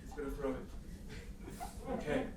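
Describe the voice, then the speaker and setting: A man's voice: medium pitch, monotone, moderate pace, recorded from a distance, heavy background noise. A man performing camp, teasing comedy crowd work as a stage medium in a theatre. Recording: roomy live theatre sound from afar.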